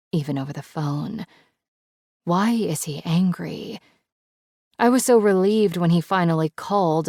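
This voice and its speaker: A woman's voice: low-pitched, vocal fry, darkish tone, no room sound, studio quality. A woman narrating an audiobook in the first person, with a dramatic, emotional delivery.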